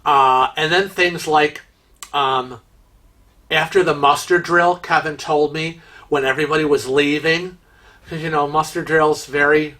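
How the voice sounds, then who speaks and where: A man's voice: fairly high pitch, sharp tone. A man hosting a cruise vlog, telling a story in an exasperated, rhetorical rant full of fillers and restarts. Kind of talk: storytelling monologue.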